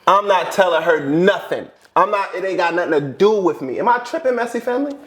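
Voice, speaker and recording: A man's voice: high-pitched, lively intonation, fairly quick, fairly bright tone. A man co-hosting a casual reaction chat, emphatic and slangy, repeating his points. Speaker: co-host.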